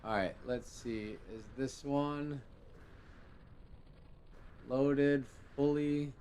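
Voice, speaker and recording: A man hosting a live game show stream, talking casually in a relaxed, rambling way with many fillers. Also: mid-range voice, extremely slow, slight background noise.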